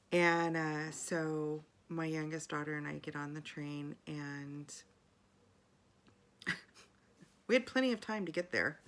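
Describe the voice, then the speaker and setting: A woman's voice: low-pitched, gravelly, fairly bright tone. A middle-aged woman in a casual video journal, telling a personal story in a chatty, rambling way full of fillers and restarts.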